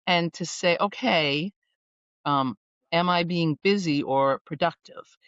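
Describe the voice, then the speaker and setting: A woman executive coach talking on a podcast, animated and playful, fond of wordplay. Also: lowish voice, slow, clear, resonant tone, no echo, highs cut off. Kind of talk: conversational podcast interview.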